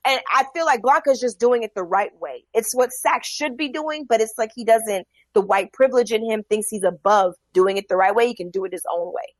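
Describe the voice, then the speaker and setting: A woman's voice: a little high, fairly quick, hardly any pauses, no room sound. A woman co-hosting a casual TV recap show, giving emphatic, opinionated takes. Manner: opinionated, emphatic, laughs easily. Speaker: podcast co-host.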